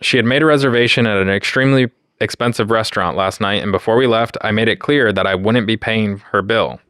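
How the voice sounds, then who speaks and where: A man co-hosting a podcast, reading a story aloud in a steady, matter-of-fact way. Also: on the low side, clean tone, dry recording, studio quality. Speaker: podcast co-host reading stories.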